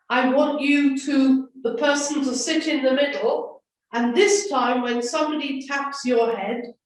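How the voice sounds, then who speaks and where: A woman leading a children's school assembly, giving slow, gentle instructions. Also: high-pitched. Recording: echoey room from far off.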